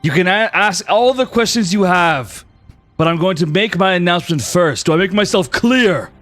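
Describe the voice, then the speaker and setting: A man doing a stern male head of state with a firm, authoritative manner. He speaks as someone who expects silence and obedience, with a lively, rising pitch. Faint music plays underneath. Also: moderate pace. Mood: commanding. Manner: commanding, authoritative. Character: stern male president addressing a crowd.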